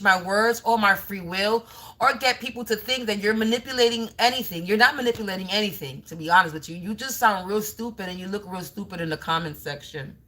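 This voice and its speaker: A woman's voice: mid-range voice, sharp tone. A woman doing a live tarot card reading as a spiritual reader, taunting and scolding a commenter and repeating her phrases.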